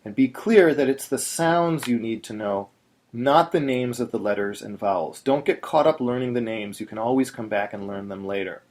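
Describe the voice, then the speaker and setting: In an instructional video, a man teaches Torah chanting, pausing to sing short chanted examples. His medium-pitched voice is plain, patient and a little mellow, at a moderate pace.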